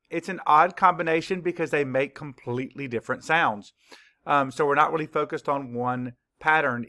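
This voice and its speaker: A man teaching a children's spelling lesson, spelling words slowly, letter by letter, with clear, patient instructions. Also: mid-range voice, bright, forceful tone. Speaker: third-grade teacher.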